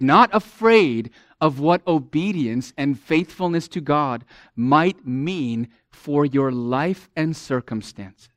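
Slow, emphatic male preacher. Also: on the high side, no room sound, clean studio sound. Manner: earnest, emphatic, addresses the listeners directly; sudden swings between loud emphasis and near-murmur. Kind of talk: sermon.

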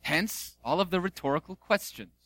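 A man preaching a sermon as a pastor, expressive, with sudden swings in volume and pace. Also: sits high, normal speed, no room sound.

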